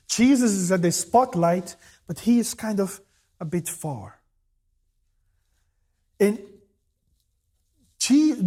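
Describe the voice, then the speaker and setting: A man preaching a sermon in a husky voice that sits high and swings widely in pitch. He speaks slowly and acts out the voices of the people he quotes. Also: a little mellow. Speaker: pastor.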